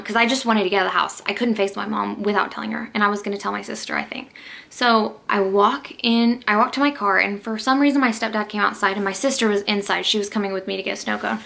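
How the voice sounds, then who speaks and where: A woman's voice: mid-range voice, gravelly, pushed and bright. A young woman vlogger telling a personal story to camera in a rambling, emotional way. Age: young adult. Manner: emotional, rambling with many "like"s and restarts.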